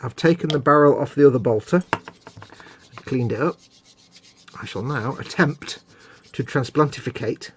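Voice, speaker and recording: A man's voice: mid-range voice, normal speed, long pauses, background noise. A man hosting a live stream, chatting casually and joking at his own expense while he describes his model building. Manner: chatty, self-deprecating, narrating his work. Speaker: host.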